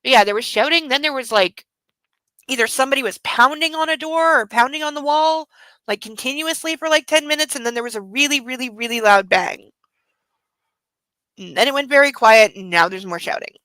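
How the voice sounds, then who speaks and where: A woman's voice: high voice, fairly quick, bright, forceful tone, no echo, poor audio. A woman hosting a casual late-night livestream from home, cooing baby talk to her dog and swearing freely. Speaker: livestream host.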